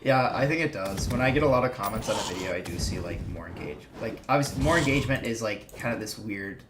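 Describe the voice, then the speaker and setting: A man's voice: on the low side, expressive, quick pace, over music. A man with a slight Minnesota accent chatting casually while gaming, rambling with lots of fillers and restarts. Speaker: streamer and video maker. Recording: echoey room with clear background noise.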